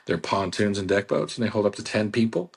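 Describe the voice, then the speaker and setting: A man with a lowish, husky voice chats easily on a radio program, pitching boat rentals in a friendly sales patter. He talks in loose, rambling runs, circling back to repeat his phone number. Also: brisk. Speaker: boat club staff on radio. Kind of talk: casual radio sales talk. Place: radio studio.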